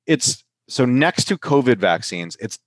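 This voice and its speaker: A man's voice: mid-range voice, sing-song, unhurried, no echo. A man hosting a casual podcast chat, run down with a sinus infection, talking loosely, often asking "right?" and laughing. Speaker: podcast host and pharmacist.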